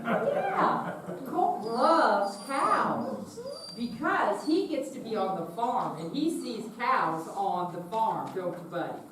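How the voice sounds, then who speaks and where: A woman leading a children's message in church, gently asking the children questions. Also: on the high side, big pitch swings, takes it slowly, crowd noise. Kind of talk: children's sermon. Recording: echoey room, far from mic, noisy.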